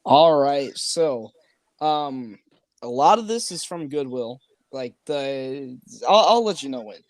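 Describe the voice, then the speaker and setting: A man's voice: medium pitch, expressive, slow pace, no echo. A man appearing as a guest on a live chat show, talking in an easygoing, rambling way full of fillers.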